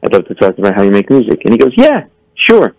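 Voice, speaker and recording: This comedian, a guest on a radio show, has a lowish, creaky voice and talks very fast, captured in a dry recording of poor quality. His storytelling is excitable and animated, full of acted-out voices and mock stammering for effect.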